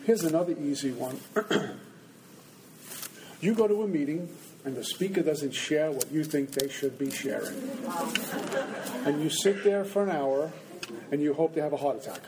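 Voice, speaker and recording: A man's voice: on the high side, normal speed, long pauses, heavy background noise. A man speaking at a recovery meeting, telling humorous, self-mocking stories to a live audience and acting out his inner voices. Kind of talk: storytelling talk to a live audience. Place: indoor meeting room with an audience.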